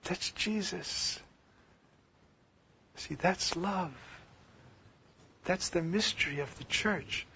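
A man preaches with a high, gravelly voice, rising to loud declaiming and dropping to hushed near-whispers. The recording is dull and lo-fi. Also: extremely slow, pauses often, a little hiss or hum. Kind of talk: sermon.

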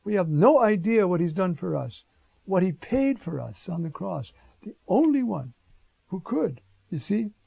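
Gravelly-voiced man preaching a sermon. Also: high voice, unhurried, dry recording. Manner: animated, emphatic, rhetorical questions, many fillers. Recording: dull lo-fi recording.

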